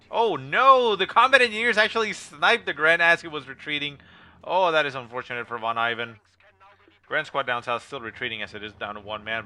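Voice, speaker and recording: Man, game caster, play-by-play commentary, very bright and sharp tone, frequent fillers, faint background hiss. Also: medium pitch. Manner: rapid play-by-play with frequent "uh" fillers, rising excitement at kills.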